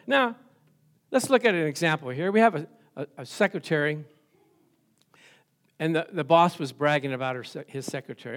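A middle-aged man preaches in a church, with a voice that sits notably high for a man. He keeps the tone conversational, acts out quoted voices and chuckles often. He keeps calling on the congregation for amens. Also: moderate pace, long pauses, fairly bright tone. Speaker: pastor. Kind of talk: sermon.

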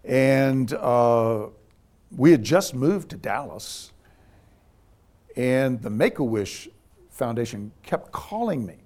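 A middle-aged man recounting a family story with lively, conversational energy. His voice sits at an ordinary middle pitch. He slips into the voices of the people he quotes as he tells it. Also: takes it slowly, pauses often. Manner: animated anecdote teller, voices quoted people. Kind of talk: casual storytelling.

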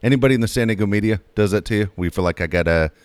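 A man's voice: fairly low pitch, very fast, smooth, no echo. A man hosting a casual sports talk show, teasing his guest with leading questions.

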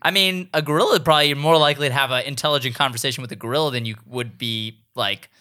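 A man's voice: mid-range voice, fast, bright, forceful tone. A man hosting a casual podcast chat, laughing often and restarting his sentences. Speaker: podcast host.

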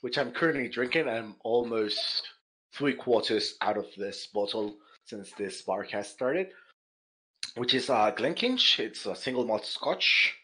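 A man, a chef guest on a podcast, chatting casually and telling animated stories with many repeated words. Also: medium pitch, a little slow, rough recording. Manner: animated storyteller, repeats words, laughs easily. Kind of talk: casual chat.

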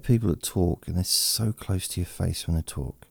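A bedtime podcast host rambles in a meandering, self-deprecating way, his low, gravelly, slightly rough voice moving at normal speed with few pauses. The close-mic studio audio is edited and processed to sound relaxing, with no echo.

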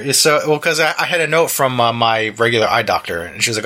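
A man in his thirties chats casually with a bright, forward tone. He rambles through a story, full of "like" and restarts, slipping into quick impressions of the people he met. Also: medium pitch. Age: 30s. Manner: rambling storyteller, many fillers and restarts, acts out quotes. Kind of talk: casual chat.

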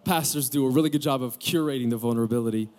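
A man's voice: mid-range voice, racing, darkish tone. A pastor in his forties preaching a candid sermon, telling a personal story with joking asides to a live audience. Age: 40s. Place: camp gathering room with audience.

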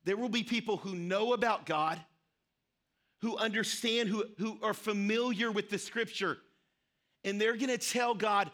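A man's voice: high-pitched, normal speed, fairly bright tone. A man preaching a sermon, telling a story earnestly and repeating key phrases for emphasis. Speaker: pastor.

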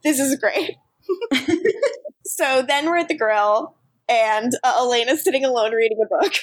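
A woman's voice: high voice, measured pace. A woman co-hosting a podcast, animatedly recapping episodes in casual chat and laughing often. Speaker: podcast co-host.

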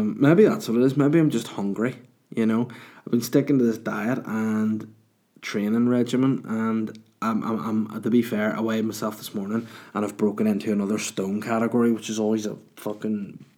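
A man rants on his own podcast in a loose, casual monologue. He swears freely and mocks things with exasperation. His voice sits a little low. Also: darkish tone. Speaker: podcast host.

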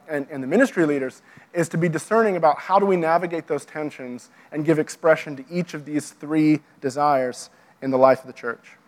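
A man giving an earnest lecture to pastors and worship leaders, often restarting his phrases and using fillers. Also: fairly high pitch.

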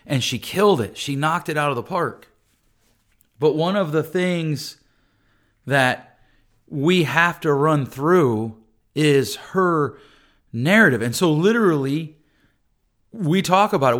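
A man's voice: on the high side, moderate pace, a bit bright. A middle-aged man talking earnestly and conversationally as a podcast host, often restarting his sentences. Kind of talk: podcast monologue.

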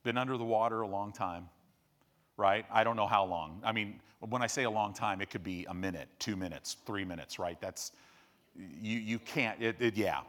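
A man preaching a sermon, telling stories animatedly, with sudden loud bursts and quiet asides. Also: moderate pace. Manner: animated storyteller, swings between loud bursts and low hushed asides. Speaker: pastor. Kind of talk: sermon storytelling.

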